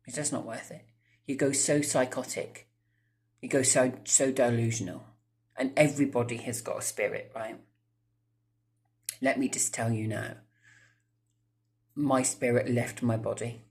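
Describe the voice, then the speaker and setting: A man's voice: medium pitch, steady tone, a little slow, long pauses. A man, telling a rambling storytime to his viewers, swearing freely and breaking off into asides. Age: 30s. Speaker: vlogger. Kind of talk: casual storytime monologue.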